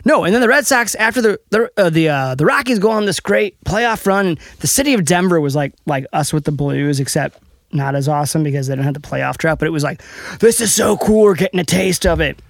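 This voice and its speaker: Male podcast co-host, slightly high voice, dry close sound, rambling casual sports banter. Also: fast talker, no room sound. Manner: rambling, animated, reads ad plugs.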